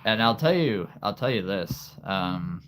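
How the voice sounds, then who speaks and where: A man's voice: on the low side, expressive, a little slow, a bit bright, a little hiss or hum. A man from the United States rambling and chuckling through a casual live stream from home. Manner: rambling, self-amused, chuckling.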